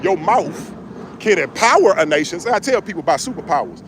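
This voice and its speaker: High-pitched, animated middle-aged man. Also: fairly quick, noisy background. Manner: animated, joking, preachy. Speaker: relationship advice vlogger. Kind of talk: casual advice monologue.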